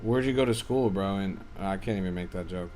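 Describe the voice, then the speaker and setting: Low and brisk with a somewhat mellow tone, a crypto-trading streamer gives offhand livestream commentary, often profane, while reading and answering his chat. A slight hiss or hum runs through the audio.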